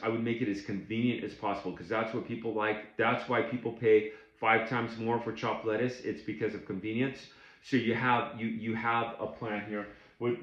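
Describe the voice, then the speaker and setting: A man's voice: fairly low pitch, reverberant, muffled recording. A man coaching beginners in a casual, blunt and plainspoken way, often restarting his sentences. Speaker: tax overage business coach. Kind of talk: casual instructional talk to camera.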